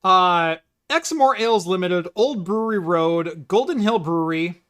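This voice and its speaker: A man's voice: sits high, a little slow, fairly bright tone. A man co-hosting a casual tech podcast, reading labels aloud and mock-ranting about pronunciation. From United States. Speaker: podcast co-host. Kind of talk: casual chat.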